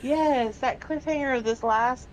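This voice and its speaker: A woman in casual chat as co-host, chatty and quick to laugh, griping playfully. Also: high-pitched, a little hiss or hum, low-quality recording.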